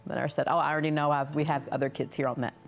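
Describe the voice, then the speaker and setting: A mother telling a personal story in a halting way, restarting often. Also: sits low, level tone, gravelly, soft background music.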